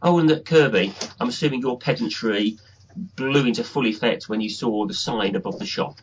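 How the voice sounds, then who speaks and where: A man co-hosting a podcast, reviewing an episode in a rambling, halting way. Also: medium pitch, highs cut off, a little hiss or hum. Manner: rambling, halting, restarts a lot. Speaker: podcast co-host. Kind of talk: casual review chat.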